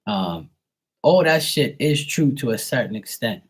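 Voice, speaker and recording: A man's voice: medium pitch, very animated, a little slow, breathy edge. A man working as a psychic medium, ranting bluntly and profanely in a rambling, casual livestream chat. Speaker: psychic medium and tarot reader.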